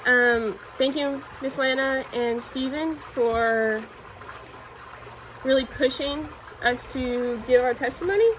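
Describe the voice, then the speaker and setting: Earnest woman, a touch high-pitched, telling her faith testimony haltingly, with a soft water trickle behind. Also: slight background noise, rough recording. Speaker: church youth member giving testimony. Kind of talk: personal testimony.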